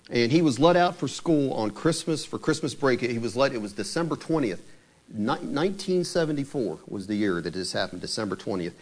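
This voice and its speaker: A man preaching, his voice sitting at an ordinary middle pitch. He retells a story in a conversational way and turns dramatic at key moments. He speaks directly to his congregation. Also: a little mellow. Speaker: pastor. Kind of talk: sermon storytelling.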